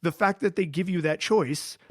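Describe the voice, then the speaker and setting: A man co-hosting a podcast in casual chat, animated, laughing often and restarting his sentences. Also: high-pitched, normal speed, no room sound, clean studio sound. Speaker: podcast co-host.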